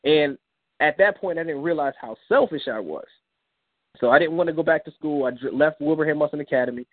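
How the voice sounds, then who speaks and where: Calling in over a dry phone line with no echo, the young comic book creator speaks fairly quickly. As the interview guest he earnestly recounts a personal story, raising his pitch to act out the dialogue he remembers.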